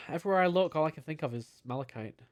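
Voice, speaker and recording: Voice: mid-range voice, expressive, quick pace. A young adult streamer chatting casually and playfully with mock-melodramatic flair while playing a game. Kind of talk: casual live-stream commentary.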